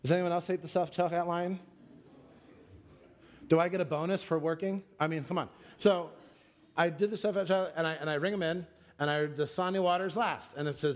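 A middle-aged male pastor delivering a sermon, his voice sitting a little high for a man. He slips into stories and acts out the quotes in them, lifting his pitch as he plays the other people. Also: fairly quick.

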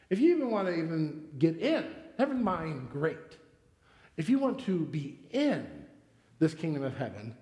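Male pastor, 30s, high voice, chatty storytelling sermon, big echoey church room. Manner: conversational, storytelling with personal anecdotes. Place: church sanctuary. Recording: echoey church hall with long reverb.

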